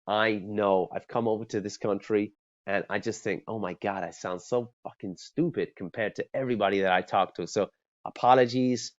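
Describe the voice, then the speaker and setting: A man's voice: fairly low pitch, fairly even intonation, moderate pace, lightly acted. A man voicing an apologetic, self-deprecating American male cold caller who rambles through his opener in a sales role-play. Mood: sheepish. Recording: dull lo-fi sound.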